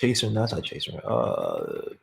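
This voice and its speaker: A man's voice: lowish voice, huge pitch swings, normal speed, vocal fry, a little hiss or hum. A man hosting a live podcast stream, casually commenting on a basketball game while griping about his streaming setup, with lots of fillers and restarts. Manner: frustrated, apologetic, rambling with many fillers. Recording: echoey room.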